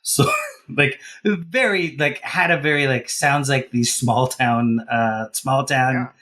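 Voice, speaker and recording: A man from the Deep South telling a story on a podcast, rambling with many fillers and restarts. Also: slow, pushed and bright. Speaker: podcast co-host. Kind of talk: casual storytelling.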